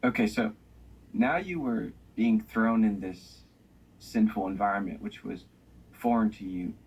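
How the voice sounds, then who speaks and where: Man, interview host, measured questions, lowish voice, very husky. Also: darkish tone, rough recording.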